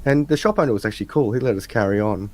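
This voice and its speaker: An Australian man, probably in his thirties, casually telling a story on a livestream and acting out the quotes. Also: rapid-fire. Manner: animated storyteller, acts out quotes in a higher voice.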